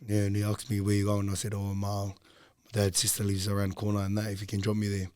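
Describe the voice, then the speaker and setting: Young male guest, low voice, rambling casual storyteller, dry close sound. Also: completely flat delivery, fast, dark tone, clear, resonant tone, dry recording. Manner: low-key, loose, rambling with frequent ums. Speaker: podcast guest.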